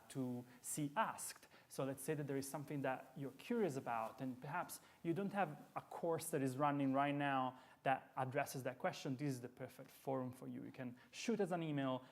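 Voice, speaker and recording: A man, a musicologist, hosting a live talk series and introducing his guest with many fillers and restarts. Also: on the high side. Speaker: host and musicologist.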